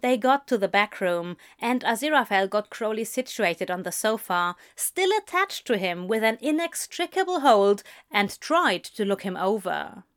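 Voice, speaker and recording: A woman narrating a fan fiction story in a soft, gentle storytelling manner. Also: medium pitch, sing-song, moderate pace, few pauses. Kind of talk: audiobook fan fiction reading.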